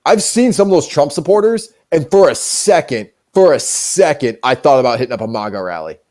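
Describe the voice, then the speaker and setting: Joking streamer guy, fairly high voice. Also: expressive, fairly quick, darkish tone. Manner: joking, profane, rambling. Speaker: streamer and show host. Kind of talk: casual live-stream chat.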